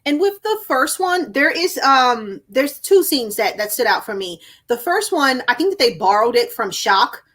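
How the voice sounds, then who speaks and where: Female guest, excitable and full of fillers, slightly high-pitched. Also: slightly rough. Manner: enthusiastic, halting with fillers. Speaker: podcast guest. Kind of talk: casual chat.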